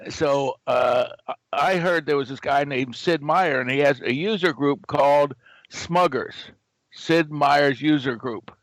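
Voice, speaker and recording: A man's voice: fairly high pitch, a little slow, dry recording, poor audio. An older American man telling a story as a guest and acting out the lines he quotes. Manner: animated storyteller who acts out quoted dialogue. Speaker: guest, game company founder. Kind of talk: anecdotal storytelling.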